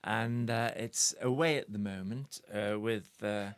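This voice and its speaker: A man co-hosting a music chat stream, talking casually and pausing often with fillers. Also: lowish voice, clear, resonant tone, no room sound. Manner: hesitant, full of "uh" fillers. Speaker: co-host, singer-songwriter.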